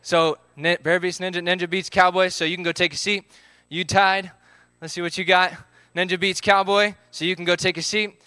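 Man, high pitched, dry close sound, upbeat game leader. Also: level tone, moderate pace, few pauses, bright, forceful tone, clean tone, no room sound. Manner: upbeat, calls out counts and instructions. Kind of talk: leading a live group game.

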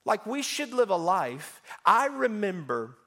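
A man preaching a sermon, telling funny personal stories with animated swings between loud and soft. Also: high-pitched, unhurried. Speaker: pastor.

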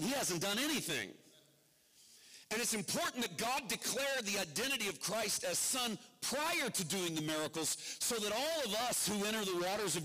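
Man preaching in a reverberant church. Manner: wide swings between loud emphatic and low quiet delivery. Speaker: pastor. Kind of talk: sermon. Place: church sanctuary. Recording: long reverb of a large hall.

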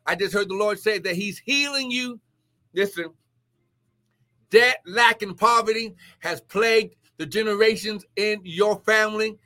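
Man, pastor, charismatic sermon, high voice, bright tone, fervent shouting, speaking in tongues. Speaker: pastor and prophet. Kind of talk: charismatic live-stream sermon. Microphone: live-stream microphone.

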